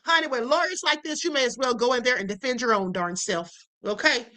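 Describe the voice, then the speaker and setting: A woman's voice: on the high side, fairly quick, pushed and bright, low-quality recording. A woman hosting a live stream, giving emphatic, indignant commentary and talking straight to her viewers. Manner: emphatic, repeats "okay?" to the audience; indignant, addresses viewers directly.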